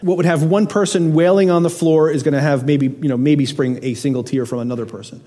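A middle-aged pastor preaches with earnest conviction, rising for emphasis and then sinking to hushed, low phrases. His voice is a touch high for a man, mellow and slightly husky, fairly quick with fairly even intonation. The long reverb of a large hall rings around him.

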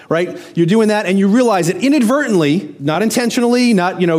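A man's voice: high voice, a little mellow. A man preaching a conversational sermon, often asking the listeners questions. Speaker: pastor.

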